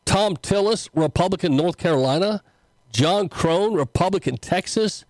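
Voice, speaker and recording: Man, pastor-host, folksy commentary, somewhat high voice, dry recording. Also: expressive, moderate pace, a little mellow, no echo, rough recording. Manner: folksy, conversational, with frequent fillers and restarts. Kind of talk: casual political commentary and preaching.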